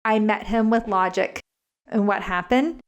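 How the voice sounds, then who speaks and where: A woman's voice: medium pitch, a little slow, clear, resonant tone, highs cut off. A woman who is a parenting educator, explaining things earnestly and step by step in a podcast interview, often saying "like". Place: podcast recording.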